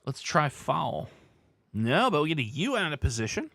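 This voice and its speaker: A man's voice: fairly high pitch, big pitch swings, normal speed, creaky, a bit bright, dry recording. A man hosting a casual live stream, thinking aloud as he weighs guesses and chats with viewers.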